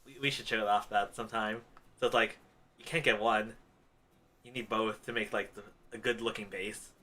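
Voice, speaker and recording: Male podcast co-host, relaxed and speculative, bright timbre. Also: on the low side, moderate pace. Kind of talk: casual chat.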